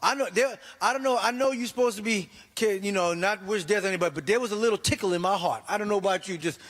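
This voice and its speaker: Middle-aged male stand-up comic, high pitched and animated, performing in a reverberant hall. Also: fast. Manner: animated, exclaiming, acting out voices. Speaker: stand-up comedian. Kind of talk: stand-up comedy set. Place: church comedy stage.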